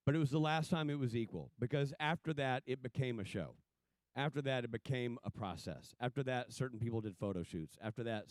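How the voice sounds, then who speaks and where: A man's voice: on the low side, darkish tone, no room sound. A man on a panel talking in an earnest, reflective way. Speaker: actor on a panel. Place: stage at a symposium.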